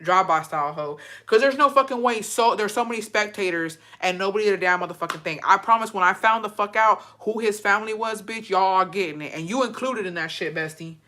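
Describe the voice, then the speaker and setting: Bright-voiced woman ranting, outraged. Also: medium pitch. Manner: profane, outraged, fast-shifting rant. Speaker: commentator reacting to a story. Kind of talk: heated reaction commentary.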